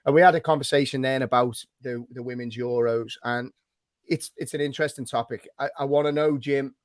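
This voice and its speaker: A man hosts a casual football podcast, laughing easily and steering topics. His voice sits at a middle pitch for a man. The recording is close and dry. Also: fairly even intonation, fairly quick, no room sound. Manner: laughs often, leads topics. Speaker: podcast host. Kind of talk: casual chat.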